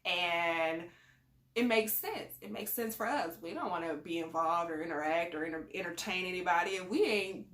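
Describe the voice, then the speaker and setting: A woman with a lower voice chats casually in a vlog. She rambles through her advice in a conversational way. Her voice bounces around an echoey room. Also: normal speed, a bit bright. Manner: chatty and conversational, rambling with fillers. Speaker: parent sharing advice on a channel.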